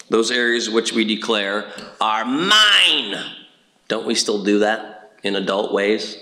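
A man's voice: lowish voice, pushed and bright, low-quality recording. A middle-aged man from Indiana giving a personal testimony talk at church, telling stories earnestly with frequent fillers and restarts. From Indiana, USA.

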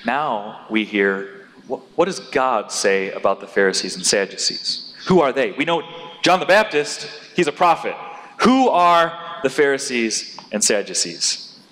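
A man preaching a sermon in an animated way, rising to loud, emphatic peaks as he drives his points home. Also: mid-range voice, unhurried. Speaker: pastor. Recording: long hall reverb.

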